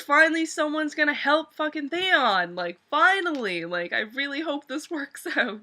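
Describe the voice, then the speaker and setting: A woman casually recapping a TV episode for her video channel, animated and swearing often as she exclaims over events. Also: fairly high pitch. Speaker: video reviewer.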